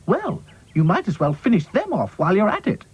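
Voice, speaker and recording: A man voicing a bossy, energetic female rag doll in a children's cartoon. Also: high voice, slightly rough, muffled recording, pitched above the performer's own voice, full character voice. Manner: brisk and bossy.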